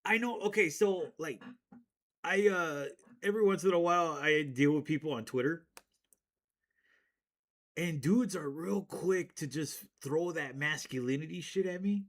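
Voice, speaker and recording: A man with a voice pitched a little above most men's, holding forth in a loose, profane rant to his stream. He rambles, restarts his thoughts, and breaks into laughs at his own stories. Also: measured pace, a bit bright. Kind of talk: casual rant to stream chat.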